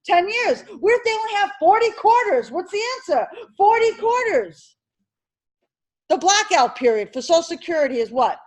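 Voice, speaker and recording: A woman teaching an insurance licensing class, drilling terms over and over and firing questions at her students. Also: very high voice. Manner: animated, repetitive drilling with quick questions to students. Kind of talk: classroom exam-prep lecture.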